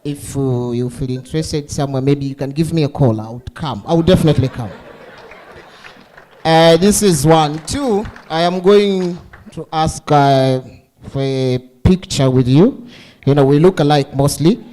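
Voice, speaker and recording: Emcee guy joking around w the crowd, teasing, kinda high mellow voice. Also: normal speed, a little hiss or hum, rough recording. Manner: playful, teasing, asks the crowd questions. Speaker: master of ceremonies.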